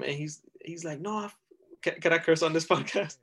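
A man's voice: a little high, fairly quick. A man, a podcast guest telling a story casually, rambling and leaning heavily on filler words. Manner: rambling, heavy use of "like", lively retelling.

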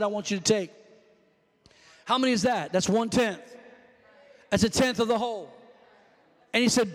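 A man preaching a fervent sermon in a church, often shouting calls to the congregation. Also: very high-pitched. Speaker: pastor. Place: church sanctuary. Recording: long hall reverb.

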